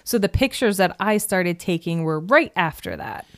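A woman's voice: on the low side, lively intonation, moderate pace. A woman co-hosting a podcast, chatting candidly and adding details to a shared story. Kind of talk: casual storytelling.

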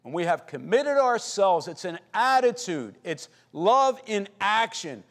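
High-voiced man preaching a sermon. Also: sing-song, unhurried. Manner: earnest preaching, rising to fervent prayer. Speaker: pastor.

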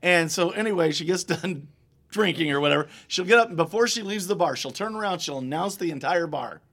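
A man's voice: on the high side, animated, fairly quick, a bit bright. A man hosting a casual live-stream chat with rowdy, profane, teasing banter. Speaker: host.

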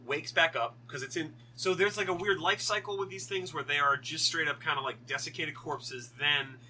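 A man's voice: fairly high pitch, normal speed, sharp tone, slight background noise. A man co-hosting a podcast, rambling and joking as he recaps a film, with casual swearing. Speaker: podcast co-host.

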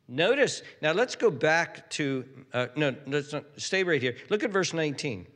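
Animated preacher man in a reverberant hall. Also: a little high, moderate pace. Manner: animated, restarts, acts out quotes. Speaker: pastor. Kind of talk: sermon.

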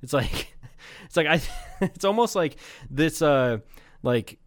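A man's voice: on the high side, expressive, takes it slowly, no echo, studio quality. A man co-hosting a comedy podcast, chatting casually and rambling, swearing freely. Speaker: podcast co-host. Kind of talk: casual chat.

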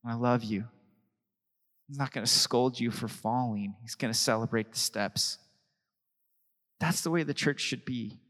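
A man's voice: medium pitch, a little slow, long pauses, a bit bright, in a large hall. A young adult man preaching a sermon as pastor, chatty and anecdotal, often laughing between thoughts.

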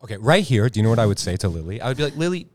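A man's voice: fairly low pitch, lively intonation, rapid-fire, darkish tone. A man co-hosting a loose podcast conversation, his voice swinging up and down as he clowns around. He curses freely, acts out what he would say in little scenes, and keeps the tone playful. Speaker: podcast co-host. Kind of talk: casual chat.

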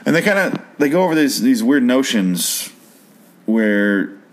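A man's voice: mid-range voice, very animated, measured pace, slight background noise. A man casually recapping a show's episode, profane and incredulous, prone to rambling rants.

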